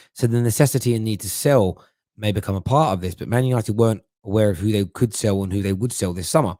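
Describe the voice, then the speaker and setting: A middle-aged man hosts a live stream in a casual, chatty way, often tripping over and repeating words mid-thought. His voice sits fairly low, and the recording is dry and close with little room sound. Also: darkish tone, no room sound. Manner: chatty, stumbles and repeats words while thinking. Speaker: host of a football fan live stream. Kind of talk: casual live-stream chat reading viewer comments.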